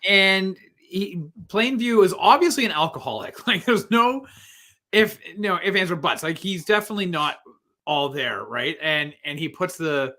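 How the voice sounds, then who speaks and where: A man's voice: high-pitched, normal speed, pushed and bright. A man co-hosting a podcast, chatting casually about a movie, laughing often and acting out lines. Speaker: podcast co-host.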